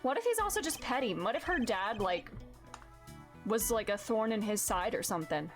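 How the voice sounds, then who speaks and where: Young woman streamer; high, animated, casual. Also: moderate pace, faint music behind. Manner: chatty, lots of "like". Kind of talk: casual gaming commentary.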